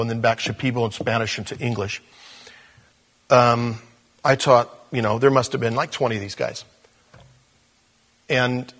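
A male pastor telling a story in a sermon, animated, with stumbles and restarts. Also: mid-range voice.

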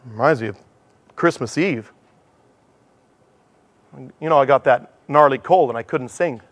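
A middle-aged man giving a sermon in a church, animated and self-deprecating, telling stories and acting out dialogue. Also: medium pitch, measured pace. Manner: animated, acts out dialogue in changing voices. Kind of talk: sermon with storytelling.

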